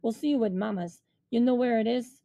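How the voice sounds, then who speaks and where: A woman's voice: a little high, a little fast, mellow, dry recording, lightly acted. A woman voicing a brash male gangster who uses tough-guy street slang in a storybook reading. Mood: pushy. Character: brash wisecracking male gangster in loud shirt.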